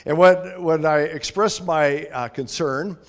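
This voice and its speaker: A man pastor preaching informally to a small congregation, chatty and halting, with frequent restarts. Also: on the high side. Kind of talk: informal sermon with congregation sharing. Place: church sanctuary.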